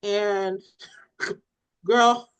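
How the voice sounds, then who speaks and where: Speaking very slowly in a clean-toned, mid-range voice despite poor audio, this female parenting podcast co-host relays a story casually. She's animated, retelling scenes with acted-out quotes and laughter.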